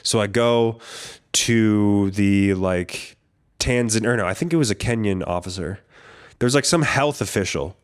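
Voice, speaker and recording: A man's voice: lowish voice, a little slow, smooth. A man hosting a podcast, telling a travel story in a casual, rambling, profane way. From United States. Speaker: podcast host.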